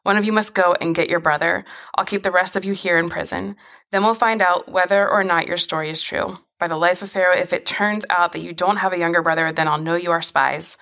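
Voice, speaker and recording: Lady reading the part of a stern governor guy, harsh and accusing, lowish voice, plain scripture read. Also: brisk, vocal fry. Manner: plain, even reading of the quoted lines. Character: stern man, Egyptian governor in disguise.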